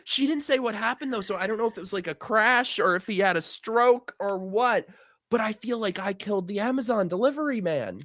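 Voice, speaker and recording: Male streamer host, casual chat, animated pitch, dry close sound, giggly storyteller. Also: fairly quick, dry recording. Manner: storytelling, breaking into giggly laughter. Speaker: show host.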